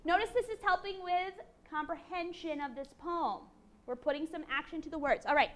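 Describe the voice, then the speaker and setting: A woman teaching a college class, lively and encouraging, with a playful manner. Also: sits high, fairly quick. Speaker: university lecturer. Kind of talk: classroom lecture.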